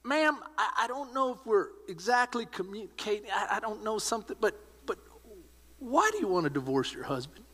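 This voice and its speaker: Pastor acting befuddled lawyer, patient, high and lively, church-hall echo. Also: male voice, a little fast, exaggerated voice. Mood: baffled. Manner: patient, repeating himself to be clear. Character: puzzled middle-aged male divorce attorney.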